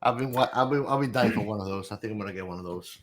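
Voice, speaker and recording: A man's voice: fairly low pitch, very fast. A man co-hosting a podcast in casual chat, joking and laughing often. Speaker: podcast co-host.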